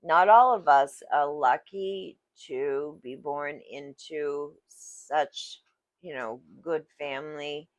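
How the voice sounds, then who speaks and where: A woman vlogger talking about her life in a casual, reflective monologue, halting and searching for words, recorded on a phone. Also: low-pitched, no room sound. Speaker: vlogger sharing personal story.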